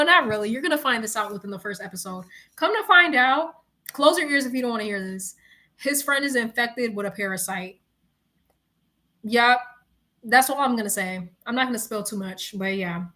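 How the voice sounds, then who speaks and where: A young New York woman who streams chats casually, her voice a little high and her New York accent clear. She retells a story in slangy, animated talk and laughs often.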